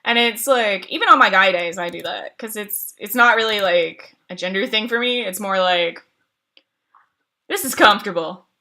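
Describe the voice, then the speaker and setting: Bright-voiced woman rambling in casual chat. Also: medium pitch, normal speed, hardly any pauses. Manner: rambling, many fillers and restarts, laughs often. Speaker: streamer answering chat.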